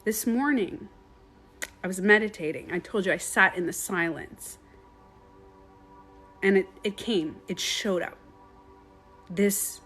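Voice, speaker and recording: A woman's voice: mid-range voice, takes it slowly, pauses often, fairly bright tone, faint music behind. A woman who works as a meditation coach, rambling in a casual live-stream monologue with lots of swearing.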